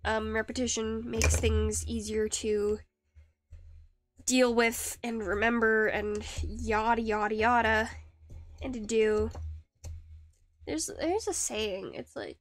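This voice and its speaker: Carving rings on a live stream, a woman chats casually in a slightly high voice, taking her time with long pauses. Her talk wanders and is self-deprecating, full of fillers and false starts, and the audio has no room sound.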